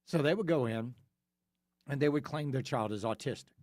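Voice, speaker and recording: A man's voice: medium pitch, normal speed, darkish tone, no echo. A man hosting a talk radio show, delivering an opinionated monologue in a studio, emphatic and full of rhetorical questions that he answers himself.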